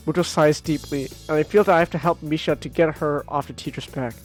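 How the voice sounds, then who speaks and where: A man's voice: on the high side, fairly quick, few pauses, faint music behind. A man streaming a visual novel, reading the narration aloud and chatting casually, repeating himself as he goes. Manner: rambling and animated, repeats words.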